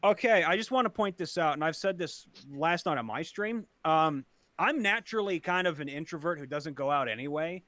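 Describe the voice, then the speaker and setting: A man from Ohio with a high, very lively voice tells a story in casual podcast chat. His tone is bright and forceful, and the close mic sounds dry. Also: brisk, no room sound. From Ohio, USA. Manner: animated, laughing storyteller. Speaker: podcast co-host.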